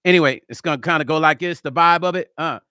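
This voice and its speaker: A middle-aged man, a musician and producer, chatting casually in a vlog while he builds a track, excitable and slangy, forever saying hold on. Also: on the high side, fast talker, smooth, no echo, studio quality. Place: music studio.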